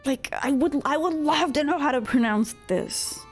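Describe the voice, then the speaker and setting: A woman's voice: sits high, normal speed, soft background music. A woman streaming a video game, talking casually to chat in a chatty, self-deprecating way, laughing often. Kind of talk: casual gameplay commentary.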